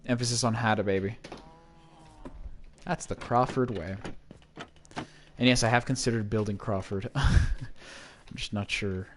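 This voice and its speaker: A man's voice: lowish voice, steady tone, measured pace, long pauses, a little hiss or hum. A man streaming a block-building game, chatting casually and rambling to himself with jokes as he plays. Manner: rambling, jokey, talks to himself.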